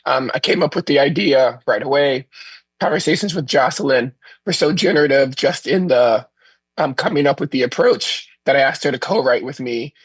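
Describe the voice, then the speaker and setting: A film director who is losing his voice, answering questions in a relaxed, thoughtful way over a video call. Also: mid-range voice, moderate pace, husky, no echo. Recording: remote video call audio.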